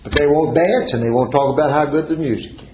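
A man's voice: fairly high pitch, quick pace. A man preaching a sermon, reading old-style scripture and building to emphatic points. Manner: reads scripture in King James wording, then preaches with rising emphasis. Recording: roomy, slightly dull recording with faint noise.

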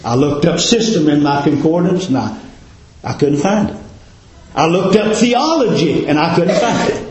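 A man's voice: a little high, lively intonation, normal speed, darkish tone, slight background noise. A man preaching a sermon in a folksy, dramatic cadence, full of rhetorical questions. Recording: very echoey room.

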